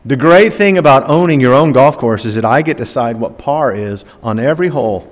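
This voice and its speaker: A man's voice: mid-range voice, expressive, fairly quick, in a large hall, close to an everyday voice. An older preacher voicing a boastful young hillbilly man with a thick Southern country drawl.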